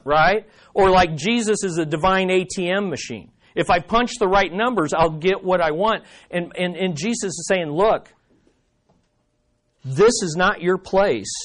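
Man, pastor, sermon, high-pitched voice, animated, conversational asides, rhetorical questions. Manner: animated, shifting between loud emphasis and quiet earnest asides.

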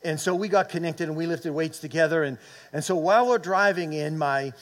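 Fairly quick and on the high side, this voice belongs to a pastor in his late fifties or beyond. During his sermon he shares a personal story and urges the congregation to respond.

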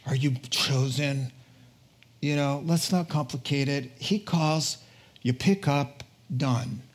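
A male preacher with a slightly high voice delivers a lively sermon. He urges his listeners on, repeats words for emphasis, and drops in joking asides at his own expense. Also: slow. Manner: energetic, exhorting, repeats words for punch; jokey asides, laughs at himself.

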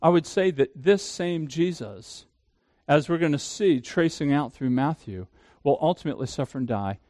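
A man's voice: fairly high pitch, normal speed, dark tone, dry recording, clean studio sound. A man preaching a sermon as pastor, emphatic, asking the listeners questions and answering them himself.

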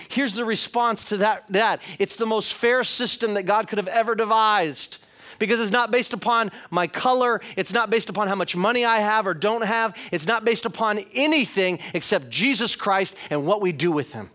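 A man's voice: high-pitched, fairly quick, fairly bright tone. A middle-aged man preaching a sermon as a pastor, earnest and talking straight to his listeners, at times turning emphatic. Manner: earnest, rising to emphatic, uses direct address.

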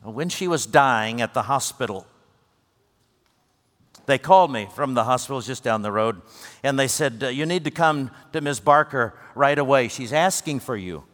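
A man preaches from the pulpit, his voice sitting at an ordinary middle pitch. He tells his story earnestly, pushing up to emphatic peaks before falling quiet again. A long reverb from the large hall trails after each phrase. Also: animated, normal speed. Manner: earnest storytelling, rising to emphatic peaks then dropping soft. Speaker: pastor. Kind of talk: sermon.

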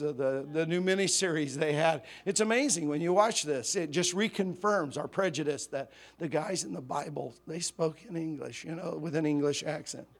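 A male pastor preaching a sermon in a conversational, humorous storytelling way. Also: a little high.

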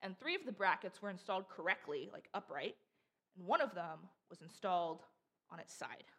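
A woman's voice: fairly low pitch, sing-song, normal speed, a bit bright, slightly rough. A young woman giving a casual, chatty sermon, acting out voices as she tells stories. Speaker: preacher.

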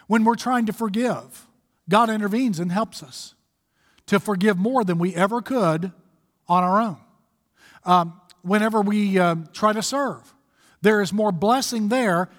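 A man's voice: sits high, long reverb tail. A man preaching an emphatic sermon as a pastor, stretching out key phrases and pressing his points. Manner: emphatic, exhorting, drawn-out slow phrases.

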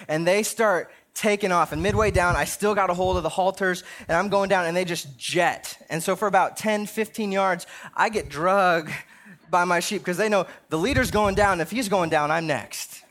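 A man's voice: high voice, moderate pace, a bit bright. A younger man preaching a sermon in a conversational way, often checking in with "right?". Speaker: pastor.

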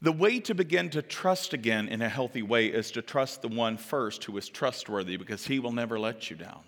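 A man preaching a sermon as a pastor, telling stories with animated delivery and acting out the people in them. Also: medium pitch, fairly quick, big-room sound. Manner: animated storytelling, acting out quoted voices. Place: church sanctuary.

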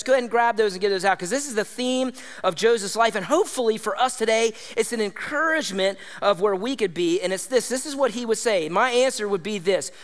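A man preaching a sermon to his congregation, energetic and conversational, often checking in with his listeners. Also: high voice, long reverb tail. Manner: energetic, conversational, with tag questions like "all right?". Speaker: pastor. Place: church hall.

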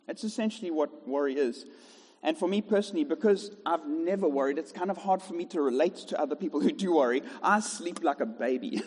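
A man's voice: a little high, expressive, normal speed, a little mellow, husky, big-room sound. A man preaching a sermon in a rhythmic style, with repeated contrasts and jokey asides. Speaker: pastor. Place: church.

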